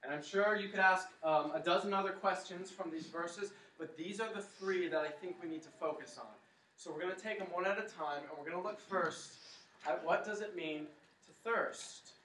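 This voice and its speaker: A man's voice: sits high, normal speed, bright, forceful tone, a little hiss or hum. A man preaching a sermon to his congregation, telling the story dramatically and leading them in a chant. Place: church hall. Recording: echoey hall, mic at a distance.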